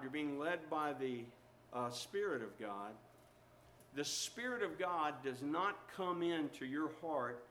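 A man preaching a sermon, telling a story with animated exhortations to his listeners. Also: mid-range voice, a little hiss or hum.

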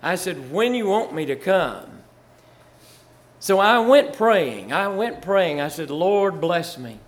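A man's voice: high voice, big pitch swings, takes it slowly. An older man from Virginia, a pastor telling church stories in a folksy way, chuckling and rising to fervor. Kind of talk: storytelling testimony.

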